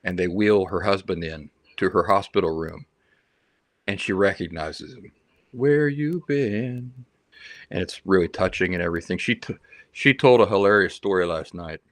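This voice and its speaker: A man's voice: low-pitched, moderate pace, no room sound. A man hosting a livestream, telling stories in a rambling, chatty way and reading out viewer comments. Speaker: livestream host. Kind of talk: casual livestream chat.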